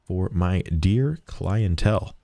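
A man's voice: low voice, slow pace, vocal fry, warm tone, dry recording. A young man streaming a game, chatting playfully as he plays a shopkeeper and jokes with customers. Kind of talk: let's-play commentary.

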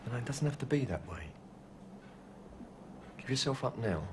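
An actor playing a calm, coaxing police negotiator. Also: male voice, mid-range voice, normal speed, noisy background, close to an everyday voice. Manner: steady, coaxing, firmly persuasive. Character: calm, firm male police officer negotiator. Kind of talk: 1980s television police drama acting.

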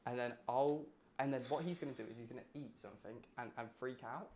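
A man hosting a stream in casual chat, excitable and quick to swear and laugh. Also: medium pitch, reverberant, slight background noise. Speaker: streamer host.

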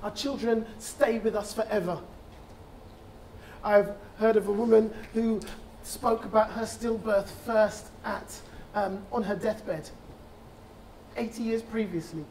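Impassioned man with a high voice. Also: steady tone, gravelly, darkish tone, a little hiss or hum. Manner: rhythmic, impassioned recitation with dramatic pauses. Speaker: bereaved father speaking at a conference. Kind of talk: conference talk and spoken-word poem.

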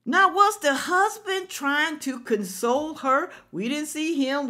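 A woman hosts a reaction video, scolding and preaching straight to her viewers. She talks slowly, and her fairly high voice leaps up and drops low as she works herself up. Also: a bit bright. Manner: indignant, preachy, addresses viewers as y'all.

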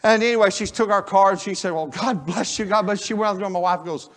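Folksy preacher telling a story. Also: male voice, high voice, fast. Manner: folksy storyteller, swinging from hushed to shouting. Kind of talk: sermon storytelling. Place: church sanctuary.

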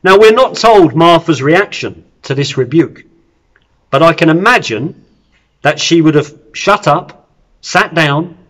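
A man's voice: fairly high pitch, animated, unhurried, fairly bright tone. A man, a church deacon, preaching a sermon, retelling a Bible story earnestly with self-deprecating asides.

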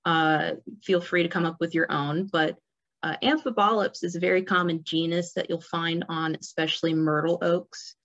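A woman giving an informal illustrated lecture as a nature center presenter, relaxed and full of fillers and restarts. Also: lowish voice, moderate pace. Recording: dull lo-fi recording.

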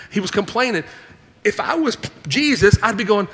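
Pastor guy preaching, high bright voice, animated, acting out quotes, big churchy reverb. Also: brisk. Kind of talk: sermon. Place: church sanctuary.

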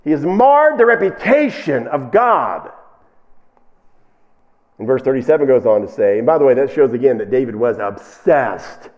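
Animated male preacher, muffled recording. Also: medium pitch. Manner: animated preaching, acting out quoted speakers in raised voices. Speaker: pastor. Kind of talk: sermon.

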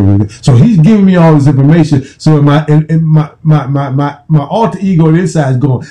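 Man in his fifties, american, former football player, casual profane storytelling, very dark voice. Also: on the high side, quick pace, few pauses, low-quality recording. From United States. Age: 50s. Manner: profane, repetitive, restarting phrases.

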